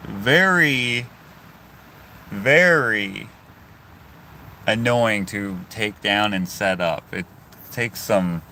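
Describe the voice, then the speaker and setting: A Canadian vlogger chats into his phone from inside his car, going through viewer comments in a rambling, self-interrupting way. His voice sits on the low side with a sharp tone, over slight background noise.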